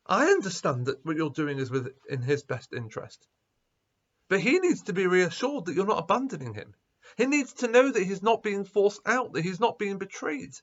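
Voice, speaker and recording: Animated rabbi telling a story. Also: male voice, a little high, moderate pace, lo-fi sound. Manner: animated storyteller, acting out quoted voices. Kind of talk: school assembly talk, storytelling.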